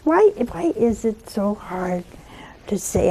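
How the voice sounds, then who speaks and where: Brief: a woman preacher, slightly high and gravelly, conversational storytelling homily. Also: big pitch swings, normal speed. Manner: conversational storytelling with gentle humor. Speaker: Catholic religious speaker. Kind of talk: homily with anecdotes.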